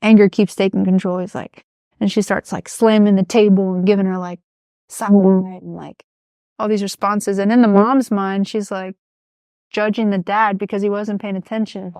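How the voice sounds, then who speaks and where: A woman's voice: mid-range voice, level tone, moderate pace, mellow, clear, resonant tone, dry recording. Chatty young woman, dry close sound. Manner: chatty plot retelling, many "like" fillers. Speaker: podcast co-host. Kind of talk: casual chat.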